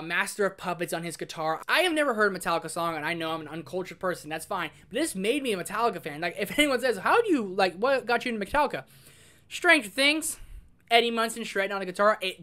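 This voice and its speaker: A man giving a casual spoiler review of a show. He gushes excitedly, says "like" constantly, and swings from loud exclamations to hushed emotional asides. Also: high voice. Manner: excitable, gushing, heavy use of "like". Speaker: film review host.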